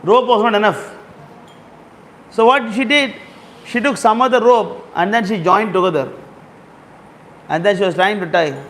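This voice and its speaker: A man giving a storytelling sermon, repeating phrases and slowly explaining words and verses. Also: high voice, a bit bright, slight background noise. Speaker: speaker at a temple gathering.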